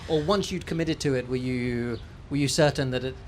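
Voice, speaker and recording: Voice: medium pitch, fairly quick, a little hiss or hum. A host interviewing an author at a bookshop event, asking thoughtful, hesitant questions with many restarts.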